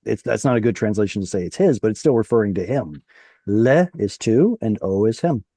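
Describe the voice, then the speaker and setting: A man's voice: lowish voice, animated, brisk, mellow, breathy edge, no room sound. A man teaching a Hebrew reading class over a video call, patiently explaining step by step.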